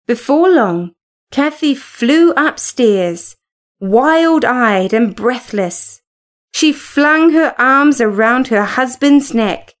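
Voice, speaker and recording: A woman narrating a classic story aloud in a measured, unhurried storytelling manner. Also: sits high, lively intonation. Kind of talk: storybook reading.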